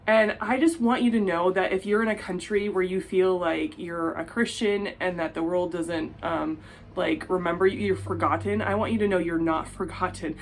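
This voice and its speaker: Gushing, excitable woman jewelry vlogger. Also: fairly low pitch, normal speed, a little hiss or hum. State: fatigued after illness. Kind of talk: casual tutorial chat.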